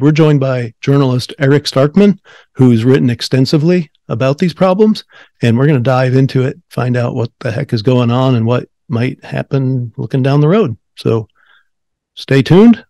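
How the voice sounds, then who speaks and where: A man's voice: mid-range voice, normal speed, a little mellow, no room sound. A man hosting an interview podcast in an upbeat, friendly way, with frequent fillers. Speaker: podcast host.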